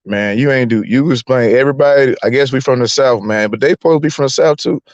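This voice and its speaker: Animated man in casual chat. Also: quick pace, no room sound, highs cut off. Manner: animated, laughing, rises high when riled.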